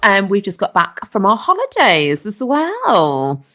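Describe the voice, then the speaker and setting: A woman's voice: mid-range voice, wildly swooping pitch, measured pace, bright, forceful tone, soft background music. A middle-aged woman hosting a casual comedy podcast, chatty, swearing freely and laughing often. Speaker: podcast host.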